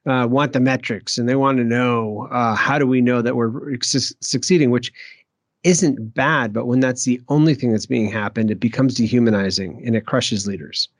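A man's voice: medium pitch, steady tone, normal speed, dry recording, clean studio sound. A man from Maine, guest on a podcast, talking reflectively with frequent restarts and small laughs. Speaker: author and guest. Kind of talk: podcast interview.

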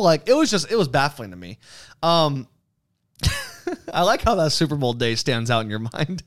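A young man hosting a podcast, talking in a casual, rambling, profane way and telling animated stories. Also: a little high, normal speed. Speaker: podcast host. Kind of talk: casual chat.

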